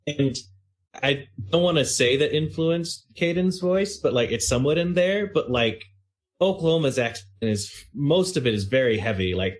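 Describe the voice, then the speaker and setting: A man's voice: on the high side, lively intonation, normal speed. A man in a casual podcast chat, thinking aloud and rambling with lots of fillers. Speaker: actual-play podcast cast member.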